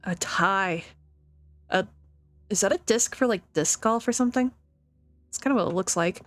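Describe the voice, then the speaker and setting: A young woman streaming a game, chatting casually, giggling and thinking out loud. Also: mid-range voice, normal speed, faint music behind. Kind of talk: casual let's-play commentary.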